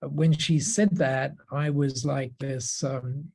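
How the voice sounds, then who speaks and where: A man with an Australian accent, a podcast guest telling a story with animation and repeating words when he gets excited. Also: mid-range voice, slow pace, vocal fry. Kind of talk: storytelling interview talk.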